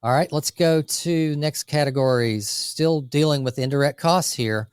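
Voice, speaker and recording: A man co-hosting a casual business podcast, talking energetically through lists with quick asides about running a landscape company. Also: a little high, clean tone, no echo, clean studio sound.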